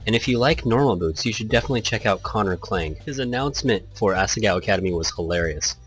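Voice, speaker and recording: A man hosts a let's play, casually rambling and chatting as he reacts to the game, laughing often. His voice is on the low side but a bit bright, animated and quick.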